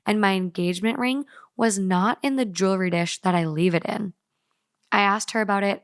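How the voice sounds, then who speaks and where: A woman co-hosting a casual podcast, reading a story aloud in a brisk, playful way. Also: mid-range voice, no room sound, studio quality. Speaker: podcast co-host.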